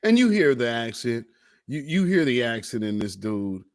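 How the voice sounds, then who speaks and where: A man's voice: medium pitch, very animated, moderate pace. A man hosting a commentary show, reacting to video clips in an emphatic, preachy way and drawing out the words he stresses. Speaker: commentary host.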